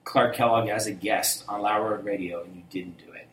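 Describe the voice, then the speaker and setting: A man's voice: on the low side, steady tone, a little fast, a bit bright. A middle-aged man co-hosting a podcast, trading dry, teasing banter in casual chat. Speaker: podcast co-host. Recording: roomy, distant mic with faint noise.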